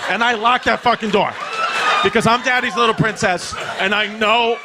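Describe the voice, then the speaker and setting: Brash, high-voiced drunk comedian. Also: male voice, moderate pace, a loud crowd, heavy background noise. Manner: brash, profane, shouting punchlines. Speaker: stand-up comedian. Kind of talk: stand-up comedy routine.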